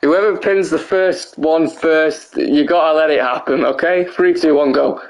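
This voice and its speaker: A young man commentating a wrestling video game on a live stream, excitable and tired, laughing and swearing often, his voice hoarse. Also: a little high, measured pace.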